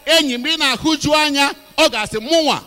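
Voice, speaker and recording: A man with an Igbo accent interprets a sermon line by line in a very high, sharp voice. He talks fast and with force. His voice rings out across a large echoing hall. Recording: echoey hall.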